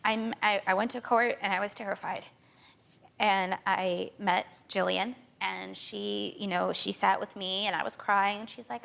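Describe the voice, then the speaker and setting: Creaky-voiced young woman telling her story. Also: mid-range voice, fairly bright tone, a little hiss or hum. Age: young adult. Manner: rushed, repeats herself, quotes others. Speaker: talk show guest. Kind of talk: emotional personal account.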